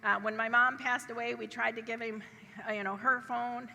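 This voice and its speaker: Bright-voiced woman telling a story, laughing. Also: a little high, fairly even intonation, normal speed, gravelly. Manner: chatty, laughs often through her story. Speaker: speaker at a live event. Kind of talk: humorous personal storytelling to an audience. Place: large event hall. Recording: reverberant hall with faint background noise.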